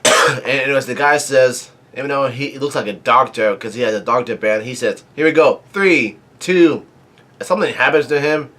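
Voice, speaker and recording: A man with a middle-pitched voice chats his way through a comic chapter recap. He rambles loosely, restarts sentences and drops in plenty of fillers. Now and then he stops to cough. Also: normal speed, pushed and bright. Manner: rambling, many ums and restarts. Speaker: manga reaction host. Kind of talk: casual recap and commentary.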